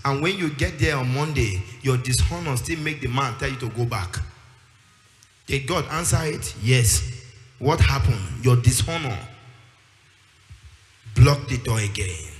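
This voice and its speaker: A preacher with a mid-range voice speaks a little slowly, leaving long pauses, as he gives an emphatic sermon. He acts out the voices of people he quotes and rises into sing-song. Music plays behind him in an echoey hall.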